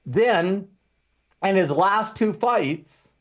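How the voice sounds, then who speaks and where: A man's voice: high-pitched, animated, extremely slow. A middle-aged man hosting a podcast, telling a long story in casual, profane chat. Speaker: podcast host.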